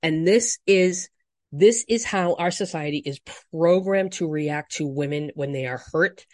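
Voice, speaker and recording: A woman hosting a solo dating podcast, reacting with frank, profane indignation and swinging between quiet emphasis and loud outbursts. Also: low voice, unhurried, no room sound, studio quality. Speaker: dating coach podcast host.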